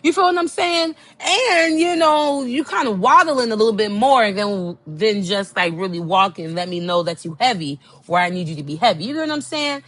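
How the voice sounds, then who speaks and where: A woman's voice: mid-range voice, moderate pace, hardly any pauses. Sassy woman telling a dating story. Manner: animated, sassy, acts out quotes. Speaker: podcast host. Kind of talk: casual storytelling monologue.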